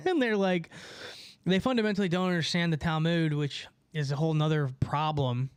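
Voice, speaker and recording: A man's voice: on the high side, moderate pace, clean tone, no room sound. A man hosting a live call-in stream, talking casually and rambling with many fillers and restarts while reading chat comments. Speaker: host of a live call-in show.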